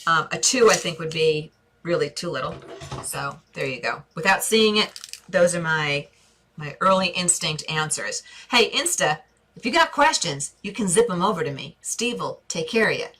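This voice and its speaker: A woman with a New York accent chats her way through viewer questions on a live stream. Her voice sits a little low but sounds bright and forward. She gushes at her audience and restarts her sentences as she thinks aloud. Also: normal speed, slightly rough. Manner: chatty and effusive, calls viewers babe and divas, thinks aloud with restarts. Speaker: interior design host answering viewer questions.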